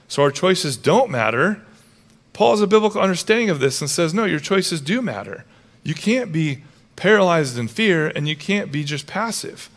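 A male pastor preaching a sermon, telling stories with lively acted-out quotes. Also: fairly high pitch. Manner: animated storytelling, acts out characters with raised voice.

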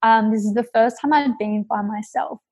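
A woman's voice: on the high side, moderate pace, gravelly, darkish tone, slightly rough. A young adult woman, a podcast guest telling travel stories in a chatty, casual way with frequent fillers. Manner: chatty, laughs often, many fillers. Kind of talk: casual conversational storytelling.

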